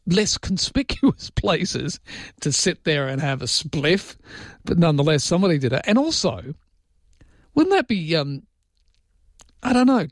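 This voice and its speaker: A man's voice: fairly high pitch, no echo, studio quality. A man hosting talkback radio, chatting wryly and reading listener texts aloud. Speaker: radio host. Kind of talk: casual talkback radio chat.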